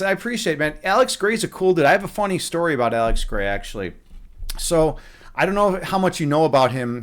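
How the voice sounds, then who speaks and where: A male streamer talks loosely from a home streaming room while a chess game runs, his voice sitting at an ordinary middle pitch. He rambles, restarts his sentences often and drops in casual swearing, close on a desk mic. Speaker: live streamer.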